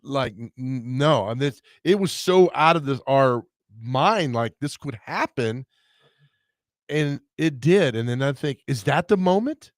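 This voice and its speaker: A man co-hosting a sports radio show, excitable and firing off questions in casual chat. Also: medium pitch, no echo, studio quality. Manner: excitable, quick questions, laughs loudly.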